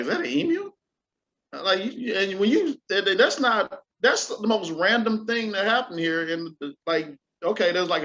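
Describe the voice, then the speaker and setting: A man co-hosting a podcast, talking in an animated, joking way. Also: a little high. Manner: animated, joking, laughs often. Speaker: podcast co-host. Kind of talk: casual chat. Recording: muffled lo-fi mic.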